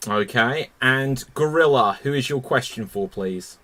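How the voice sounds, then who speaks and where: A man hosting a live online improv comedy show, brisk and amused, often repeating himself. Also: mid-range voice, animated, pushed and bright.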